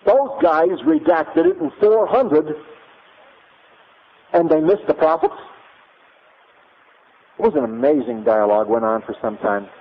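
A man telling a personal story in a lively, emphatic, punchy way. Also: fairly high pitch, measured pace, creaky, long pauses. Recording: tinny phone-like audio.

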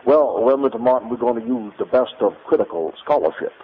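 A man voicing an older male professor who speaks slowly and calmly in a measured, unbothered way. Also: medium pitch, slightly rough, voice pushed down. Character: older male liberal professor, calm and unhurried. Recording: tinny phone-like audio.

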